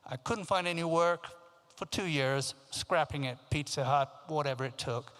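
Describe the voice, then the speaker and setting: A man's voice: a little high, moderate pace. Storytelling man in an echoing hall. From Africa, raised in England. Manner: lively anecdotal storytelling, acting out quoted voices. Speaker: keynote speaker. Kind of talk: storytelling talk. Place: large conference hall. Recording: long hall reverb.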